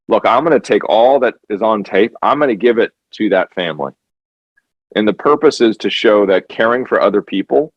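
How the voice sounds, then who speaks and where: A man's voice: medium pitch, no room sound. A man speaking earnestly as a documentary filmmaker guest in a conversational interview, repeating words for emphasis. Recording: dull lo-fi dry sound.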